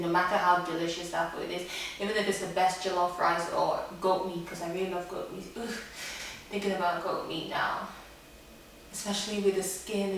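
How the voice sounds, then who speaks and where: A woman's voice: medium pitch, slight background noise. Chatty woman in an echoey room. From Nigeria. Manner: chatty, laughs easily, trails off softly. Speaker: vlogger. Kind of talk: casual chat to camera. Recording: echoey room, far from mic.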